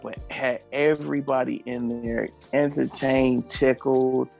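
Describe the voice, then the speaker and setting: A man telling a story in casual podcast chat, animated and laughing, acting out the people he quotes and swearing freely. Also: mid-range voice, takes it slowly, gravelly, faint music behind.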